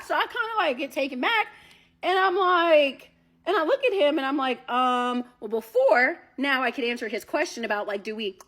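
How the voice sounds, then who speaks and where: A woman telling a story in a casual, animated way, talking straight to her listeners and swearing freely. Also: sits high, moderate pace. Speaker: storyteller recounting a date.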